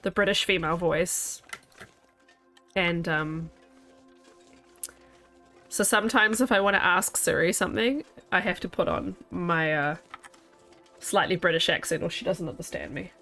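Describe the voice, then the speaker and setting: A woman's voice: on the low side, measured pace, gravelly, pauses often, sharp tone, faint music behind. A woman with a New Zealand accent chatting casually to her viewers while streaming a game, laughing often. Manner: chatty, laughs often, talks to chat and herself. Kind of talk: casual chat while playing.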